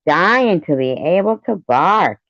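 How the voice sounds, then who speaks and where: Slow, sarcastic woman doing commentary. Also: fairly low pitch, big pitch swings, fairly bright tone, dry recording. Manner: slow, sarcastic and scornful remarks. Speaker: commentary channel host. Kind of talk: reaction commentary over a clip. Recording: slightly dull, dry audio.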